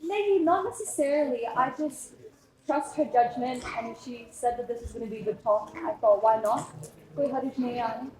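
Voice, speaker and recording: A woman in her twenties in the audience, answering the speaker's questions in a hesitant, soft way. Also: fairly high pitch, fast. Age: 20s. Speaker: audience member. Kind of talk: answering questions at a live talk. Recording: echoey hall, picked up from the audience.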